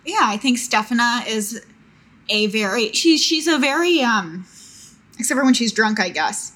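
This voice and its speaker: A woman player in a tabletop role-play who speaks in a halting, earnest way. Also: fairly high pitch, expressive, pushed and bright.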